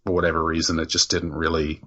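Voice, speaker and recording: A man's voice: extremely low pitch, monotone, fast talker, a bit bright, breathy edge, lo-fi sound. A man co-hosting a podcast, chatting casually and rambling through plot explanations with many restarts. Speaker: podcast co-host. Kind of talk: casual review chat.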